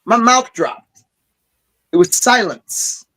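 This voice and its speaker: An excited man telling stories in casual chat, swearing freely as he talks. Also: very high-pitched, slow, poor audio. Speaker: podcast host.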